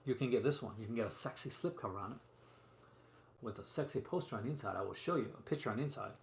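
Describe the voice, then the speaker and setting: A man's voice: medium pitch, animated, fast, gravelly. Man, chatty rambling host, casual stream talk, roomy echo, faint background hum. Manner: chatty and rambling, many fillers and asides. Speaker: host showing physical media releases. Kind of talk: casual live-stream chat. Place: room at home.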